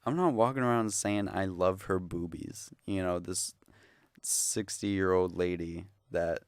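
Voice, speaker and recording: A man's voice: deep voice, steady tone, a little slow, smooth, dry recording. A young man ranting into the camera, exasperated, sarcastic and profane in a casual vlog. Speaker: vlogger.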